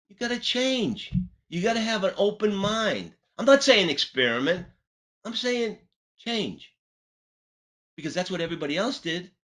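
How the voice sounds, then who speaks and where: Brief: man, sales trainer, bright tone, animated storyteller. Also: low-quality recording. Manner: animated, punchy delivery with big pitch swings. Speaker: sales trainer and webinar host. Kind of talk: storytelling on a webinar panel.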